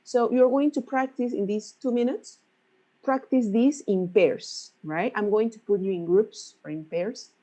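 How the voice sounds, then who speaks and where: A woman's voice: fairly high pitch, measured pace, mellow, low-quality recording. A woman teaching an English class, patiently explaining stress and checking in with her students again and again. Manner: patient, checks in often with "right?".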